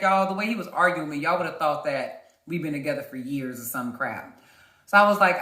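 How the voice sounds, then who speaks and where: A woman vlogger telling a dating story in an animated way, talking straight to her viewers. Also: low-pitched, fast. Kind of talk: storytime vlog. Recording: roomy echo.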